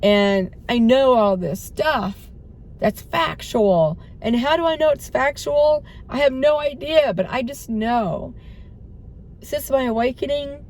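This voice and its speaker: A hoarse middle-aged woman vlogging in a rambling, self-doubting way, laughing between thoughts and often trailing off. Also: high voice, takes it slowly, darkish tone. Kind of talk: rambling spiritual vlog chat.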